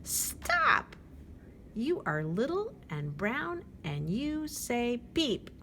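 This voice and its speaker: A woman's voice: fairly high pitch, very animated, very slow, pushed and bright, slight background noise, full character voice. A woman voicing a stern, bossy female crow in a picture-book read-aloud, speaking in a scolding, demanding way.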